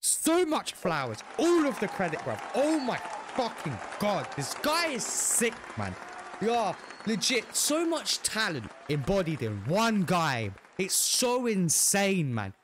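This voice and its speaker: A man's voice: sits high, wildly swooping pitch, slow, crowd noise, noisy background. A British man hosting a reaction video, hyped and full of slang, swearing freely as he talks. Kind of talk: excited casual commentary.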